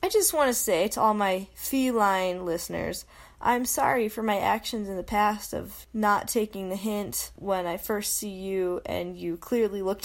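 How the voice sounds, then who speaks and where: A young adult woman hosting a casual solo podcast, chatty and self-mocking, often laughing and slipping into quoted voices. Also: mid-range voice. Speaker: podcast host.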